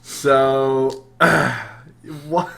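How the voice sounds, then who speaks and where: A man's voice: medium pitch, fairly even intonation, very slow. A young man from New Jersey with a New Jersey accent, co-hosting a casual podcast chat, laughing often and teasing dryly. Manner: laughs a lot, dry teasing. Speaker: podcast co-host.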